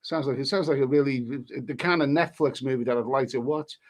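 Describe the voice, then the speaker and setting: A man's voice: mid-range voice, brisk. A middle-aged man from England hosting a casual live stream, reading out viewer names and messages and chatting about them. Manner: rambling, chatty, reads out usernames and messages.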